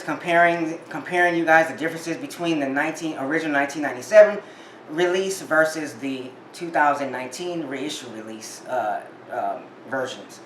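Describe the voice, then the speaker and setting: A man's voice: on the high side, a bit bright. A man telling a story in casual chat to camera, chatty and full of restarts as he talks about his records. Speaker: vinyl collector vlogger. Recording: roomy echo, a bit off-mic, faint room noise.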